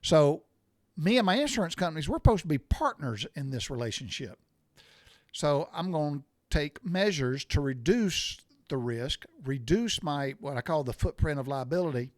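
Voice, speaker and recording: A man's voice: a little high, lively intonation, moderate pace, no echo, studio quality. A middle-aged man hosts his own podcast, talking bluntly and repetitively as he gets worked up about what annoys him. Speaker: podcast host. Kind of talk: opinionated solo podcast rant.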